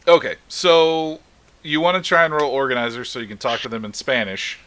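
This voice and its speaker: Guy running a tabletop game, chill and giggly, bright clear voice. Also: mid-range voice, expressive, a little fast, no room sound. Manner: laid-back, laughing often, ruling with playful dismissal. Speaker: game master.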